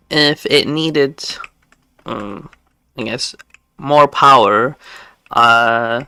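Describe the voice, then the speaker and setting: A game streamer chatting casually while playing live, talking in a halting, stammering way with many restarts. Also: mid-range voice, pushed and bright, smooth, dry recording.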